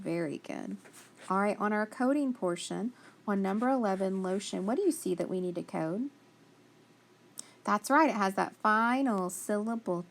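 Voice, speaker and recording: A woman teaching a phonics spelling lesson, patiently sounding out letters and praising each answer. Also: mid-range voice.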